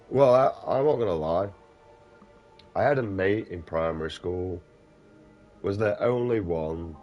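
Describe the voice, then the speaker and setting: Very deep-voiced man ranting. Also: a little mellow. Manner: profane, rambling, mocking. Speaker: gaming vlogger. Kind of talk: casual rant over gameplay.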